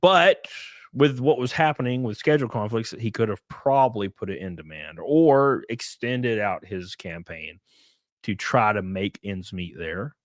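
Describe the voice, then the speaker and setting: A man's voice: lowish voice, measured pace, dry recording, studio quality. A man chatting casually on a live stream, rambling, laughing and reading out chat messages. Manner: rambling, reads chat aloud, laughs often.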